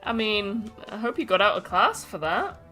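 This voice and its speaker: A woman's voice: mid-range voice, very animated, normal speed, bright, forceful tone, soft background music. A woman co-hosting a casual live stream, reading chat messages aloud and teasing her partner in a dry way.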